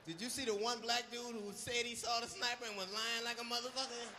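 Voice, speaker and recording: Loud, punchy, bright-voiced comedian. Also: male voice, extremely high pitch, level tone, fast, a little hiss or hum. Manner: loud, profane, punchy and exclamatory. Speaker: stand-up comedian. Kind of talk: live stand-up routine.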